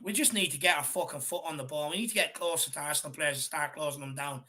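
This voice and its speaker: A man's voice: on the high side, fast talker, pushed and bright. A man on a fan panel ranting angrily about his team's play, swearing constantly. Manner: swears constantly, rants at the team. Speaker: fan pundit.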